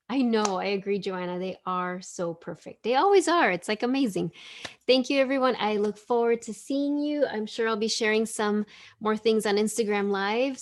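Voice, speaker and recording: Effusive woman reading oracle cards. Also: medium pitch. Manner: effusive, enthusiastic, gushing. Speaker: spiritual teacher hosting an online gathering. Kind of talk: casual oracle card reading to a group.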